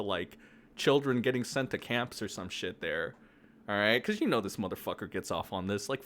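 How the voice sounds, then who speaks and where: Young guy ranting into a desk mic, swearing a lot, middle-pitched voice, mocking and aggressive. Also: a bit bright. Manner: profane, aggressive, mocking rant. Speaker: online commentator. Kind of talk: ranting commentary. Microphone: desk mic, no camera.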